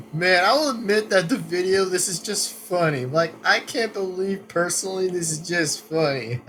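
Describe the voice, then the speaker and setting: A man's voice: high voice, very noisy. A man rambling through casual reaction commentary, laughing often and swearing. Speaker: video reactor.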